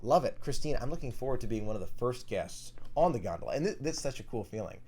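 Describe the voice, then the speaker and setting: A young man chats through a live stream in a casual, friendly way, reading viewers' comments aloud and answering each one. His voice sits at an ordinary middle pitch for a man. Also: animated, fast, a little mellow, slightly rough. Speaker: vlogger hosting a live stream.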